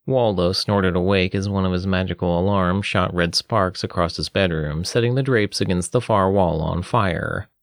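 A man narrating a fantasy storybook at a steady, even pace. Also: low voice, normal speed, few pauses, no echo, studio quality.

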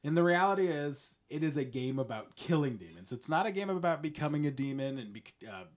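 A man hosting his own podcast alone, talking in a rambling, jokey way with frequent chuckles, swinging between low mutters and loud bursts. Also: big pitch swings, brisk. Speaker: podcast host. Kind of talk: casual solo podcast monologue.

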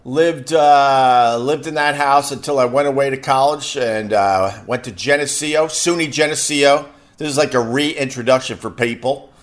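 A middle-aged male radio host with a Long Island accent tells stories in a loose, rambling on-air style. His voice sits at an everyday middle pitch. He wanders off into side remarks and jokes at his own expense. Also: moderate pace, hardly any pauses. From Long Island, New York. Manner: rambling, self-deprecating, chatty asides. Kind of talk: casual on-air storytelling.

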